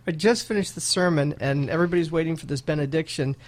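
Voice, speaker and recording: A man who is a pastor, chatting casually on a podcast, earnest and laughing often, with halting restarts. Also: fairly high pitch.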